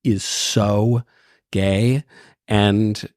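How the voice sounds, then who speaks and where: A man's voice: on the low side, drawn-out words, no echo, studio quality. A man in his thirties, a podcast guest telling stories in casual, joking chat. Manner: lively, joking, lots of restarts.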